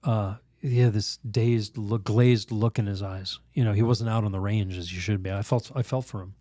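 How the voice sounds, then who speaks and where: A priest telling a lively story in a podcast interview, laughing often, acting out other people's voices, with halting restarts. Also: male voice, fairly low pitch, no room sound, studio quality. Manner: animated, laughs often, acts out quoted voices. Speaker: priest guest.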